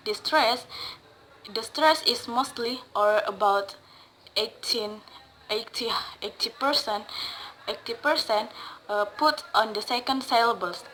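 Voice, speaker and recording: Slow, bright-voiced woman explaining word stress. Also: fairly high pitch, slight background noise, low-quality recording. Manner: hesitant, with fillers and self-corrections; repeats example words slowly, stressing syllables.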